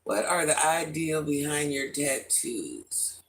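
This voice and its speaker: A middle-aged man with a slightly high voice hosts a casual livestream, greeting viewers by name, answering chat and talking freely in an animated, chatty way. He takes it slowly, with slight background noise.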